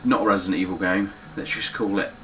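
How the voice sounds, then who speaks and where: A man's voice: low voice, steady tone, fast, a bit bright, a little hiss or hum, rough recording. A young man talking casually through his game collection, blunt and swearing freely. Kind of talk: casual spoken collection walkthrough.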